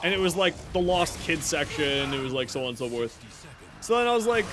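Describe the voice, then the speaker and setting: A man with a notably high voice chats through a game stream, telling stories and laughing often. He talks casually into a desk microphone, with a faint hum of noise in the background. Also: sing-song, a little fast. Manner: chatty storyteller who laughs often. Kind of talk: casual gameplay commentary.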